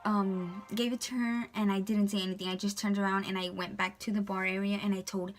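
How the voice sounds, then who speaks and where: A woman's voice: mid-range voice, flat delivery, brisk, faint music behind. A young woman vlogger telling a storytime in a chatty way, full of "like" and "um". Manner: chatty, filler-heavy, lots of "like" and "um". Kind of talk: storytime vlog.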